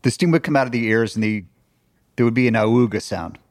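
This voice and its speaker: Guy cohost retelling scenes, excited, dry close sound. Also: mid-range voice, brisk, no room sound. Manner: animated storyteller, amused. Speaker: podcast co-host. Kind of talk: casual rewatch podcast chat.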